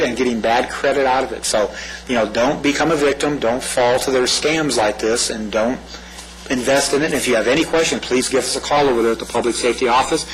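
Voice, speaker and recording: A man's voice: mid-range voice, rough recording. A man giving a community presentation on public safety, talking in a loose conversational way that often checks in with "right?". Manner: conversational, repeats himself, asks "right?". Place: meeting room.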